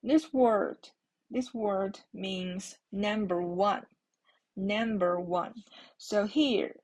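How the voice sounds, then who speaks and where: Woman, language teacher, very slow and patient, slightly husky voice, repeats every word. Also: mid-range voice, a little mellow. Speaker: Mandarin teacher. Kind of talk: slow explanatory language lesson.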